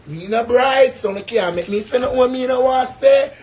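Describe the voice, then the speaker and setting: A man's voice: very high voice, moderate pace, a little mellow. A man from Jamaica with a Jamaican accent, ranting casually to his viewers in a brash, boastful way, swearing often. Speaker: vlogger. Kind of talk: casual rant to camera.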